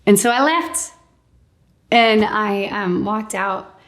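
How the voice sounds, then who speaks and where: A woman with a middle-pitched voice tells her own story as an interview guest. She is animated and laughs often, and she acts out what other people said. Her speech is loose and chatty, full of "like" and "um". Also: slow. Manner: fills speech with "like" and "um". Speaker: guest sharing a healing testimony. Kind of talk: casual personal storytelling.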